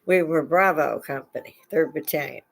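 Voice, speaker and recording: A woman's voice: deep voice, moderate pace, gravelly. An older woman from Chicago hosting a live stream, telling rambling stories into a lapel mic and often laughing mid-sentence. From Chicago, USA. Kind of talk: casual storytelling chat.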